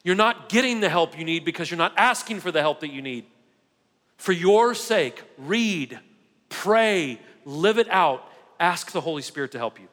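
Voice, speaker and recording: A man's voice: on the high side, expressive, moderate pace, pushed and bright, big-room sound. A male pastor delivering an emphatic sermon, repeating key phrases and calling the congregation "guys". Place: church sanctuary.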